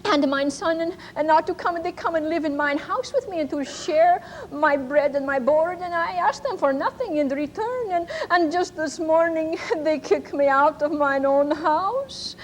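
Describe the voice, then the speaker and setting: A woman's voice: sits high, normal speed, few pauses, big-room sound, a little hiss or hum, voice pushed up, lightly acted. A woman voicing a tearful elderly German pensioner who speaks broken English with a German accent. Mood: tearful, grateful.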